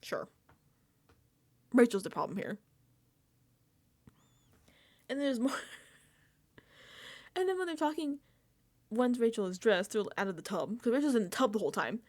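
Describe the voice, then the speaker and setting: A woman's voice: on the high side, animated, normal speed, pauses often, darkish tone. A woman hosting a casual reality TV recap, talking animatedly, laughing often and acting out quoted lines.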